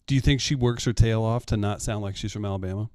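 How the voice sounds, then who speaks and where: A man's voice: on the low side, steady tone, quick pace, a little mellow, no echo, clean studio sound. A man on a casual podcast chat, posing curious questions and musing aloud. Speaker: podcast co-host.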